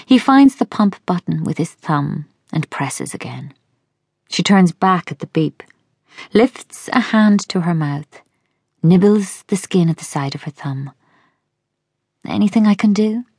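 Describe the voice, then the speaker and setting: A woman narrating an audiobook in a soft, intimate way, often dropping to a whisper. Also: on the low side, expressive, measured pace, husky, dry recording, clean studio sound.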